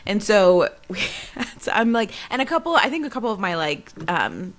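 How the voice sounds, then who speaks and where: A woman's voice: mid-range voice, very animated, moderate pace. A young woman co-hosting a podcast, telling a story in casual chat and laughing often as she goes. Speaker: podcast co-host.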